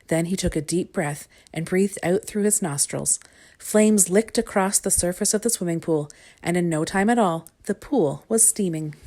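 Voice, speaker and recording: A woman reading a children's storybook aloud in a calm, measured way. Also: lowish voice. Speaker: storybook reader.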